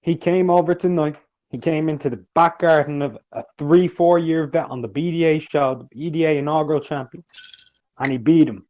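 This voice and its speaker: A man's voice: a little high, brisk, highs cut off. A man playing a ringside interviewer, asking pointed, provocative questions after a mock fight.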